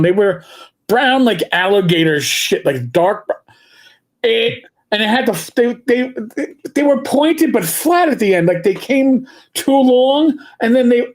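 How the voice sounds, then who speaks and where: Rambling New man telling stories. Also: very high voice. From New York City. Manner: rambling storyteller, stammers and restarts, slips into put-on voices. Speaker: podcast co-host. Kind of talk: casual livestream chat.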